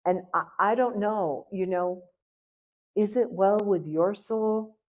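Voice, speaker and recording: Middle-aged woman sharing her testimony at a church seminar, lively storyteller, kinda dull lo-fi sound. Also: medium pitch, slow. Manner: lively storytelling, acts out dialogue. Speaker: guest speaker giving a personal testimony. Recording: lo-fi, dull recording.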